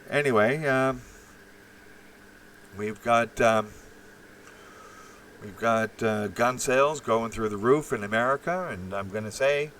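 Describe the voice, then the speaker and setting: A man's voice: medium pitch, slow pace, long pauses, a bit bright, distant mic, slight background noise, poor audio. A man hosting a live stream, rambling profanely with many fillers and restarts while reacting to chat.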